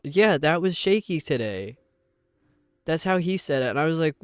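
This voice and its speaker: A young man with a New York accent chatting casually with viewers while streaming, rambling and sounding out words slowly. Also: a little high, smooth, no echo. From upstate New York. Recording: dry close mic with faint game music.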